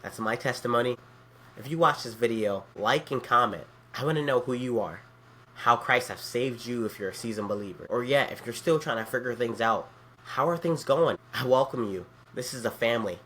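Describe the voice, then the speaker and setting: A man's voice: mid-range voice, fairly quick, fairly bright tone, slight background noise. A young man in his twenties, a youth pastor, telling his personal faith testimony in an earnest, heartfelt way. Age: 20s.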